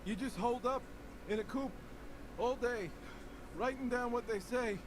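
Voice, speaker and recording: Young game dockworker: very high, modest and grumbling. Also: male voice, measured pace, noisy background. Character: young, self-deprecating dockworker radio eavesdropper.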